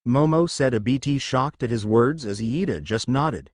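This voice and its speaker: A man narrating a fan-written story in a lively, expressive reading voice. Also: medium pitch, normal speed, few pauses, no echo, studio quality. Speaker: fanfiction narrator.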